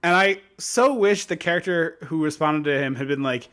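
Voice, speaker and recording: A man co-hosting a podcast in casual chat, ranting in a lively, mocking way. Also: fairly high pitch, normal speed, hardly any pauses. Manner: animated, mocking rants. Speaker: podcast co-host.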